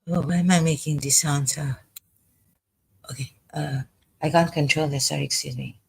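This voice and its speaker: A frightened vlogger, telling a personal story in a hesitant, halting way full of pauses and false starts. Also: mid-range voice, fairly even intonation, creaky, husky, poor audio. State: frightened, unsettled. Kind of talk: personal confessional monologue.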